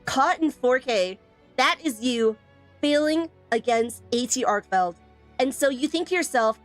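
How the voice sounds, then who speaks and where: A woman's voice: high voice, lively intonation, a little slow, soft background music. A woman streaming a game tutorial, teasing and emphatic, repeating points and answering chat. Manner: playful, teasing, emphatic with repetition. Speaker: streamer teaching a game weapon. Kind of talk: live stream tutorial, chatting with viewers.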